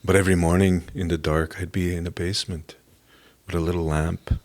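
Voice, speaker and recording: A middle-aged man from Canada giving an earnest, halting personal testimony as a podcast guest. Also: sits low, level tone, darkish tone. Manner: earnest, halting, emotional at times.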